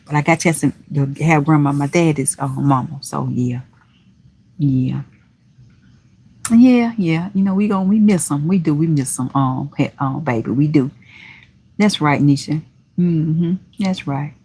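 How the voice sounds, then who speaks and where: A middle-aged woman hosting a casual livestream, folksy and chatty, reading viewer comments aloud and calling people "baby" and "honey" with sudden high exclamations. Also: a little slow, dark tone, husky. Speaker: livestream host.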